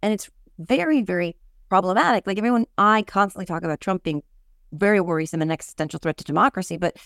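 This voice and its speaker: A woman's voice: lowish voice, fast talker, a bit bright, dry recording, studio quality. A woman hosting a podcast, chatting casually and expressively about politics, with frequent fillers and restarts. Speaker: podcast host.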